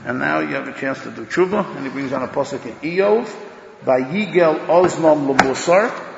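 A man giving a Torah lecture in an emphatic, loud way, swinging between declarations and muttered asides, recorded dull in an echoey hall. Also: medium pitch, animated, fast talker, vocal fry, background noise. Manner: talks loudly, says he is hard of hearing. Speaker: rabbi giving a Torah class.

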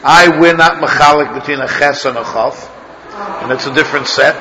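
A man's voice: on the high side, normal speed, a crowd in the background, rough recording. A man teaching a Torah study class as a rabbi, thinking aloud, asking his students questions and restarting his sentences often.

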